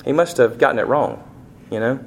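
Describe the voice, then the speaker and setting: A middle-aged man preaching a sermon, asking the congregation rhetorical questions and rising sharply in pitch and volume on emphatic points. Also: a little fast, creaky, background noise. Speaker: pastor.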